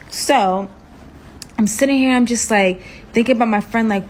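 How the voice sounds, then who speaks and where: A woman telling a personal story in a casual storytime, animated and dramatic, with rhetorical asides to her listeners. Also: fairly high pitch, fairly quick, slight background noise.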